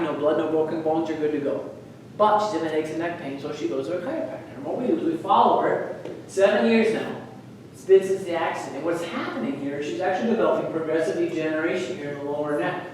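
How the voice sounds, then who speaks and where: A man, a chiropractor, giving an energetic presentation to an audience and quizzing them with questions. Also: fairly high pitch, a little hiss or hum. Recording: echoey room, voice from far off.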